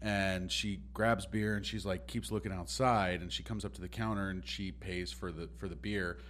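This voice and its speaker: A man telling a story in a relaxed, animated way, acting out the other people's lines. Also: low-pitched, moderate pace, a little hiss or hum. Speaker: podcast guest. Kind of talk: casual storytelling.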